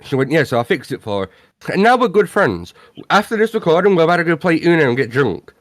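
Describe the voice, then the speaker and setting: A man's voice: on the high side, very animated, fast talker, no room sound, clean studio sound. A young British man co-hosting a podcast in casual chat, blunt and teasing, swearing freely. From Britain. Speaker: podcast co-host.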